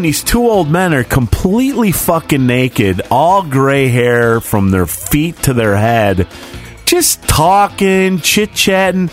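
A man in his forties tells a rambling story in a casual chat, with swearing all the way through and his own reactions acted out loud. His voice sits at an ordinary pitch. Faint music plays behind him. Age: 40s. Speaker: podcast co-host.

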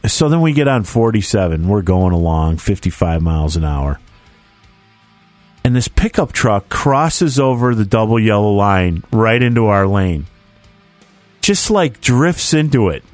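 A man in his forties with a low voice tells a story in relaxed, casual chat. He acts out the people in it as he goes. The sound is dry and close, with faint music underneath. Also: a little slow, no room sound.

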